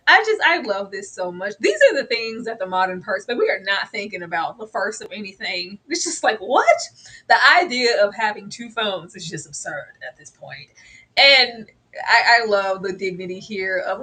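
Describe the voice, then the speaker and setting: A woman co-hosting a TV review show in casual chat, animated and laughing as she acts out characters' lines. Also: mid-range voice, moderate pace, husky.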